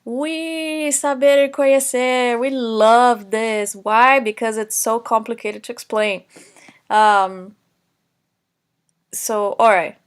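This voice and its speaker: A young adult woman teaching Portuguese in a recorded lesson, explaining examples slowly in English and Portuguese with many fillers. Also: a little high, fairly even intonation, clear, resonant tone. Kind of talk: recorded online lesson lecture.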